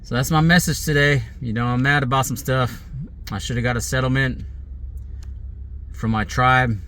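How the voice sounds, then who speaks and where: A man's voice: medium pitch, steady tone, normal speed, fairly bright tone, smooth. Aggrieved man ranting from his car. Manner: aggrieved, rambling, threatening. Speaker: vlogger. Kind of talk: angry monologue to camera. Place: sitting in a car.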